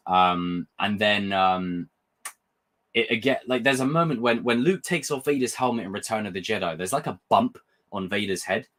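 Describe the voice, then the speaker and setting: A young man hosting a casual livestream review, talking in an excitable, rambling way and swearing freely. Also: lowish voice, moderate pace. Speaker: host.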